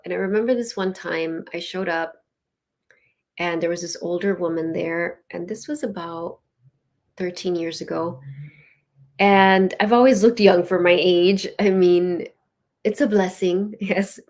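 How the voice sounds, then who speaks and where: A woman's voice: lowish voice, fairly even intonation, normal speed. A woman hosting her own show, giving a casual spiritual teaching in an earnest, storytelling way with many "like"s and "you know"s. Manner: earnest, with soft laughs. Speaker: host and spiritual leadership teacher.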